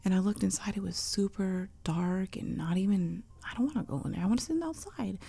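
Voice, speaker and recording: A woman hosting an ASMR channel, talking in a soft half-whisper and telling a rambling, chatty story up close to a sensitive mic. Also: medium pitch, a little fast, creaky, husky. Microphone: close sensitive mic for headphones.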